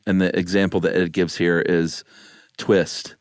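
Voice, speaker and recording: A man's voice: low-pitched, flat delivery, measured pace, no room sound, studio quality. A man co-hosting a casual podcast chat, wry and chuckling as he talks. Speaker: podcast co-host.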